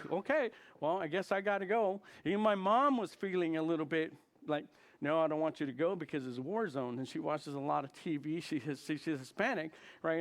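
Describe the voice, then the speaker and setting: A man in his fifties, a chaplain giving an informal sermon talk, animated and laughing often as he acts out what others said. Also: on the high side. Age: 50s.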